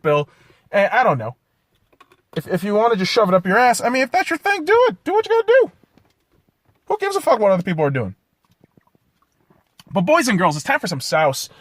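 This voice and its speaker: A man with a fairly high voice hosts a solo podcast and rants with a lot of swearing. His pitch swings widely as he scolds himself and the listeners. The sound is dry and close to the microphone. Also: fairly bright tone, dry recording. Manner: profane, self-critical ranting with pep-talk asides. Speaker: podcast host.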